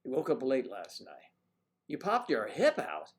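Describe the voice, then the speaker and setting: A man's voice: medium pitch, wildly swooping pitch, measured pace, slightly rough. A man hosting a livestream, chatting casually with viewers in a rambling, teasing way. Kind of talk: casual chat.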